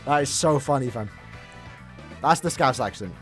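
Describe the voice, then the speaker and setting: A young man chatting casually on a live game stream, talking in quick bursts and laughing easily. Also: mid-range voice, lively intonation, fairly bright tone, faint music behind.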